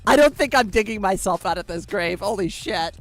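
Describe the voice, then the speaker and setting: A woman's voice: medium pitch, lively intonation, normal speed, soft background music. A woman streamer chatting casually with her viewers, giggly and playful, often laughing at herself. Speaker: live streamer.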